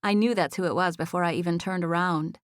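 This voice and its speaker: A woman narrating a first-person romance audiobook in an even storytelling voice, recorded in a studio. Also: on the low side, fast talker, no room sound.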